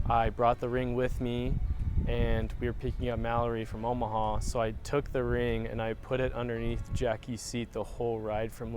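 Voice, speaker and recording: A young man, a groom-to-be, speaking in a wedding video interview, soft-spoken and halting with many fillers. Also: mid-range voice, background noise. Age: young adult.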